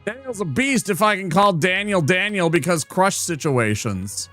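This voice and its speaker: A man's voice: sits high, animated, moderate pace, few pauses, a bit bright, no echo, faint music behind. A man streaming and commenting on a game in a playful, teasing, chatty manner. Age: adult. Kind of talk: casual gameplay commentary.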